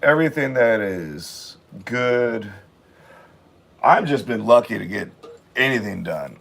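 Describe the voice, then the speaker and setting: A sick man with a raspy voice, chatting casually and rambling with many fillers as he sets up to draw in his art vlog. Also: medium pitch, expressive, slow, pauses often, fairly bright tone. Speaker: art vlogger. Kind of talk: casual chat while drawing.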